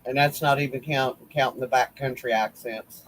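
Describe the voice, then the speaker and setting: A man's voice: medium pitch, steady tone, normal speed, fairly bright tone, a little hiss or hum, rough recording. A man telling rambling, teasing stories in a casual group chat. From West Virginia. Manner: rambling storyteller, folksy, teasing. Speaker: crochet group admin.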